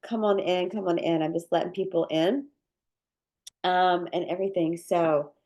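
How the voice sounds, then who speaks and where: A woman hosts a live cookie-class webinar over a video call, her slightly low voice thick and nasal from a cold. She chats casually, repeating her welcomes with plenty of ums and likes. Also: steady tone, normal speed, mellow. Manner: upbeat, repeats welcomes, many fillers. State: congested with sinus drainage. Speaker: cookie decorating teacher hosting a live class.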